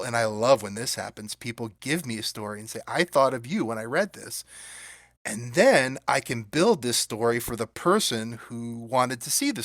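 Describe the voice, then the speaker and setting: A man talking casually as an interview guest, telling animated stories with bursts of acted-out quotes. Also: medium pitch, dry recording, clean studio sound. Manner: animated, acts out quoted voices. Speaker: guest puppeteer.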